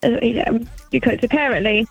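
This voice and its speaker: A woman's voice: fairly high pitch, fairly quick, vocal fry, slightly rough, soft background music, rough recording. A woman who works in voiceover, chatting casually on a podcast with a laughing, self-deprecating manner. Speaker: guest voiceover actress.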